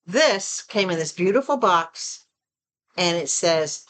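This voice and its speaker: A woman with a Southern American accent chatting casually and expressively to her viewers from home. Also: slow. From Southern United States. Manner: chatty and expressive, rising to animated pitch when excited. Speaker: vlogger. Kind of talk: casual chat.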